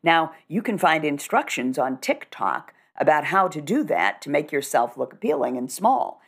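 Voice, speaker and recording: A middle-aged woman with a low, grounded voice explains how to speak with presence. She talks in a measured, instructive way, sure of what she teaches. Her delivery is calm and conversational. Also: slightly rough. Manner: instructive, measured and assured, demonstrates voice techniques. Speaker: communication coach. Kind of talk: conversational podcast interview.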